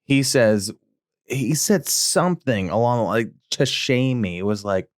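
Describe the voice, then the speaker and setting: A man's voice: mid-range voice, expressive, measured pace, no room sound, clean studio sound. A man co-hosting a podcast, telling a crude story with lots of fillers and acting out quotes in a raised voice. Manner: rambling, crude, full of fillers. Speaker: podcast co-host. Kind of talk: casual podcast chat, storytelling.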